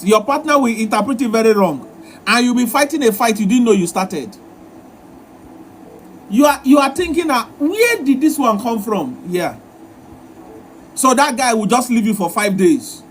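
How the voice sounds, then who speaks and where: A man's voice: very high-pitched, lively intonation, moderate pace, pauses often, slight background noise. A man hosting a live relationship advice session, talking in a repetitive, emphatic, lecturing way. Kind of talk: live-stream advice talk.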